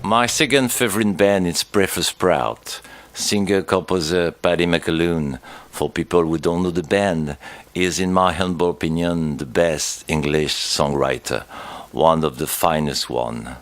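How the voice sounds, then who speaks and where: A man's voice: low voice, measured pace, no room sound. A French man speaking English with a French accent, enthusiastically listing his musical favourites and sometimes searching for words. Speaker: musician guest. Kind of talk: recorded interview segment.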